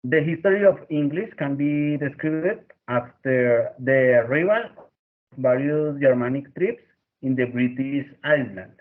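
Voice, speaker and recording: A man's voice: medium pitch, measured pace, narrow, tinny audio. A young man student giving a class presentation, reading carefully from notes. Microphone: computer mic on a video call.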